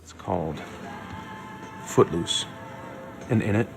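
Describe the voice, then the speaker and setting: A man's voice: deep voice, takes it slowly, vocal fry, exaggerated voice. An actor playing a laid-back male space hero telling a story, heard as a film clip. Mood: storytelling. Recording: film clip over loud music.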